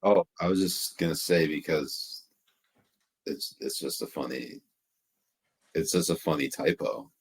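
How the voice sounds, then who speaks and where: A man's voice: very deep voice, a little slow, pauses often, husky. A man co-hosting a casual political commentary show, ranting and swearing freely. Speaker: co-host.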